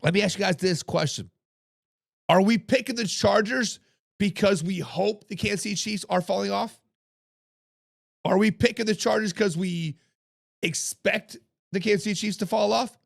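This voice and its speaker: A man hosts a casual sports talk live stream, chatting with viewers in the chat. His voice sits high and is heavily gravelly and hoarse. The recording is dry and close. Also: dry recording. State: hoarse from coaching. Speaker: podcast host.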